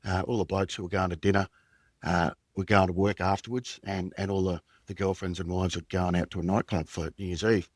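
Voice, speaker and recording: A low-voiced Australian man, a former police detective appearing as a podcast guest, tells a personal story in conversation. His delivery is flat and halting, reflective and full of fillers and restarts, with no room sound.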